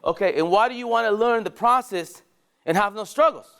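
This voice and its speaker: A man leading a sales training session at a dealership, energetic and rallying, firing questions at the staff in the room. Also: high voice, brisk, clean tone.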